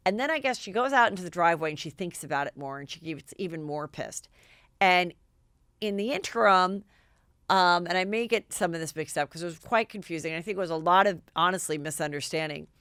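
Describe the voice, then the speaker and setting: A woman hosting a gossip podcast, running through a reality TV recap in a chatty, animated way. She acts out the quarrels herself, jumping up into loud voices for each quote. Her voice is smooth and the recording is close and dry. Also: fairly low pitch, no room sound. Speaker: podcast host.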